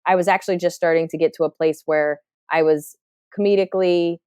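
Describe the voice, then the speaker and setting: This stand-up comedian from New Jersey, a woman in her thirties, is a podcast guest talking candidly and reflectively, with many fillers and frequent restarts. She has a lowish, darkish, clean voice with a steady tone and a brisk delivery. The studio-quality recording has no room sound.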